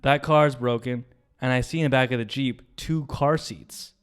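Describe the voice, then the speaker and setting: A man's voice: mid-range voice, normal speed, clean tone. A young man co-hosting a podcast, telling a story casually and animatedly, acting out the voices of the people in it. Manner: animated retelling, acts out quoted voices, swears. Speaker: podcast co-host.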